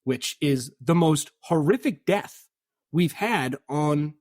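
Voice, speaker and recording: A man co-hosting a casual movie podcast, talking in an animated way, laughing often and acting out characters' lines. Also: a little high, slow, no echo, clean studio sound. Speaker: podcast co-host. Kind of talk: casual film review chat.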